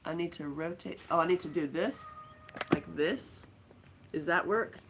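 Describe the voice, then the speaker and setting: Chatty woman with a deep morning voice. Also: measured pace, noisy background. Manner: rambling, chatty, laughs easily. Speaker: livestream host. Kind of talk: casual livestream chat. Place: indoors at a friend's house. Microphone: phone camera.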